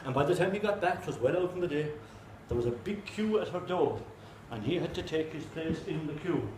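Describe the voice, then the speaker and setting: A man with an Irish accent telling a folk tale live in an animated way, full of comic asides. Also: fairly high pitch, fairly quick, roomy sound, background noise. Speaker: storyteller.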